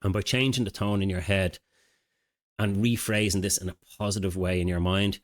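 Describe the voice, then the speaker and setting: A man's voice: low-pitched, fairly even intonation, normal speed. A middle-aged man, a mindset coach, giving a casual, conversational self-help talk to camera. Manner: casual, conversational, with filler phrases and restarts.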